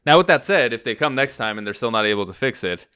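A man's voice: medium pitch, lively intonation, fast talker, pushed and bright, clear, resonant tone. A man co-hosting a podcast, telling a long personal story in a rambling, casual way. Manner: rambling anecdote with acted-out quotes. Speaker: podcast co-host.

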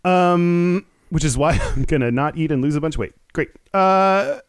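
Chatting casually as a podcast co-host, a man from Houston, Texas rambles with many fillers and pokes fun at himself. His fairly high voice is animated and clean-toned, at normal speed, in a dry recording.

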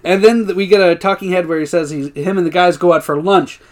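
A man's voice: high-pitched, a little fast. A man co-hosting a podcast, recapping TV episodes in casual chat, often laughing and acting out lines. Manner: animated, laughing, acts out characters' lines. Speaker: podcast co-host.

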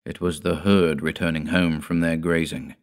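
Deep male voice, audiobook narrator, measured, grave. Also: flat delivery.

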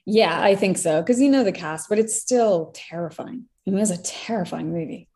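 An Irish actress telling stories in a casual interview, chatty and laughing often. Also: female voice, medium pitch, moderate pace, mellow. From Ireland.

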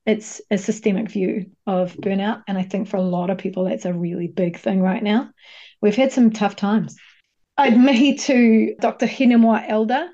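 A woman's voice: mid-range voice, fairly even intonation, normal speed, warm tone, lo-fi sound. A woman with a New Zealand accent, speaking frankly and expressively as a podcast guest and coach, with some casual swearing. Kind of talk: candid podcast conversation.

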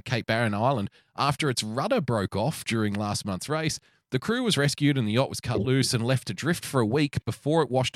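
A man's voice: medium pitch, no room sound, clean studio sound. An Australian man hosting a podcast, teasing his co-host, laughing often, swearing, and reading out a news story. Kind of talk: casual chat, reading news.

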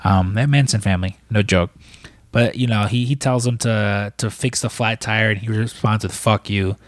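A man's voice: on the low side, normal speed, no echo, studio quality. A man recapping a film in casual, rambling talk, full of fillers and swearing. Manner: rambling, profane, lots of fillers. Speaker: podcast co-host.

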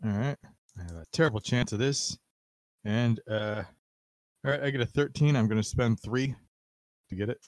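A man's voice: medium pitch, normal speed, pauses often, darkish tone, dry recording. A man playing in a casual tabletop game, asking lots of questions about the rules. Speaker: player.

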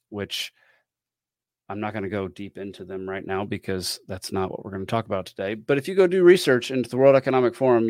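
A man's voice: mid-range voice, a little mellow, no echo, clean studio sound. A man hosting a podcast, talking casually in a rambling, wry way with frequent ums and chuckles. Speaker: podcast host. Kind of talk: casual commentary.

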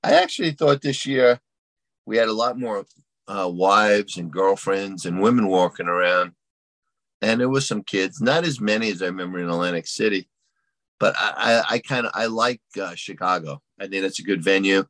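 A plainspoken man talking as a guest, with a somewhat low voice. The recording is dry and close, with no room sound. He answers in a matter-of-fact way. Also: normal speed, fairly bright tone, no echo. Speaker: guest, card dealer. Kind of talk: casual interview chat.

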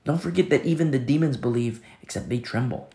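A man preaching a sermon as pastor, earnest and repetitive, often dropping to a soft hush. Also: mid-range voice, expressive, fairly quick, creaky, reverberant.

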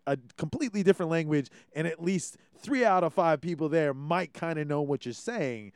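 A man's voice: on the high side, clear, resonant tone, no echo, studio quality. A man from Hawaii hosting a podcast, ranting casually and swearing freely as he acts out quotes. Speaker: podcast host. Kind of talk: casual opinion chat.

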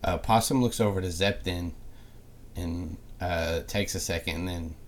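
Man, low voice, game master narration, easygoing and filler-heavy, light background hiss. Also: a little slow. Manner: relaxed, rambling narration with many fillers.

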